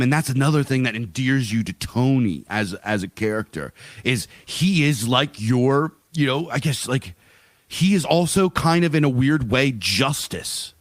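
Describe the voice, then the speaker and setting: A man's voice: medium pitch, fairly bright tone, no echo. A man co-hosting a podcast in casual chat, rambling and profane, breaking into voiced asides. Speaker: podcast co-host.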